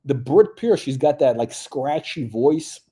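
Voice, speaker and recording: A man's voice: mid-range voice, lively intonation, a little slow, mellow. A male watch channel host giving blunt, crude, rambling off-the-cuff commentary.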